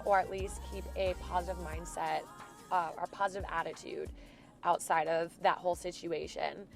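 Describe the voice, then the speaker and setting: A woman in her twenties from Florida with a stuffy nose from a cold, talking through a reflective, rambling weekly diary check-in for her vlog. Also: medium pitch. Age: 20s. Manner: reflective, rambling, soft-spoken. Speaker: vlogger.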